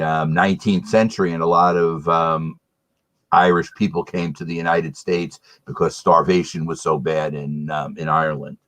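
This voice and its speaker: Very deep-voiced man explaining calmly. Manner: measured, explanatory with filler pauses. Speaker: beer reviewer co-host. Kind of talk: casual tasting chat.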